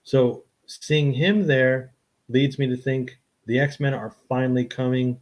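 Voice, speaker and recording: Excited fan guy cohosting a podcast, chatty, normal pitch. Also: slow. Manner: enthusiastic fan chatter, chuckling. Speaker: podcast co-host. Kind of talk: casual chat.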